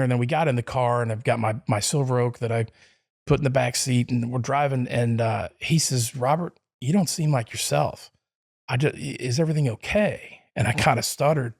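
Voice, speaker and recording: A man's voice: mid-range voice, a little mellow. A middle-aged man, telling a long personal story in an interview, rambling with many restarts and fillers. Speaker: podcast guest. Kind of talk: casual storytelling.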